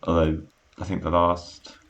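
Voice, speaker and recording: A man co-hosting a podcast, trading jokey deadpan banter. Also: low voice, unhurried, gravelly. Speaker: podcast co-host. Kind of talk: casual chat.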